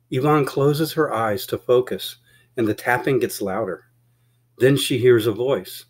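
Male audiobook narrator, husky, mid-pitched, steady plain storytelling. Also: unhurried. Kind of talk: storybook narration with character voices.

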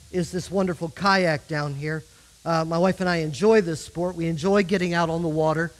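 A man's voice: high-pitched, a bit bright, poor audio. A middle-aged man with an American accent, preaching a sermon as pastor and acting out pleas and quotes with rising intensity. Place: church sanctuary.

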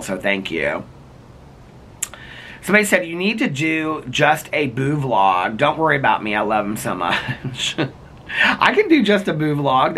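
Male vlogger, bright voice, chatty and rambling, reads comments. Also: mid-range voice, a little hiss or hum. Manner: chatty, rambling, heavy use of "like". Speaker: vlogger reading viewer comments. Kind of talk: casual chat.

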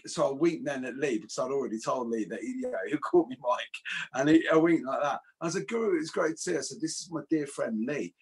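Guy, kinda husky, rambly animated storyteller, swears a bit. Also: medium pitch. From England. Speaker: martial arts instructor. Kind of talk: casual podcast chat.

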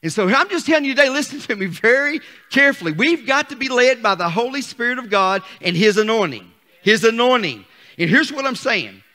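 A man's voice: extremely high pitch, very animated, a little fast. Fervent older preacher man. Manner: fervent, calls on the congregation, rising to shouts. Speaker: pastor. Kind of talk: sermon.

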